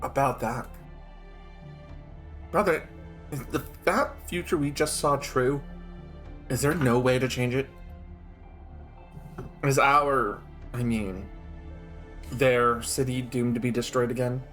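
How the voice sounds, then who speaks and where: A man reading aloud as an uneasy younger brother, halting and hesitant. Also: medium pitch, fairly bright tone, soft background music. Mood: worried. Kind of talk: reading game dialogue aloud.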